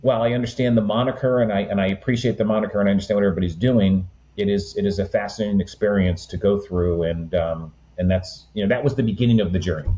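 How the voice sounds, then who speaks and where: A man in his sixties, a guest in an interview, tells his family story in a relaxed, rambling way with many "um"s and "you know"s. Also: on the low side, fast talker, hardly any pauses, highs cut off. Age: 60s. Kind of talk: conversational storytelling.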